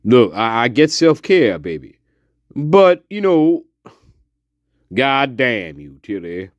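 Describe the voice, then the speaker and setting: Profane, slow, animated man on a livestream. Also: mid-range voice, dry recording, highs cut off. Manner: profane, emphatic pep talk to chat viewers. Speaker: livestream host. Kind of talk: casual livestream chat.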